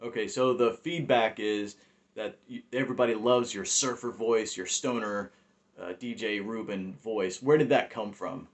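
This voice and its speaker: A man hosting and directing a podcast, interviewing a guest casually with halting, filler-laden questions. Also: on the low side.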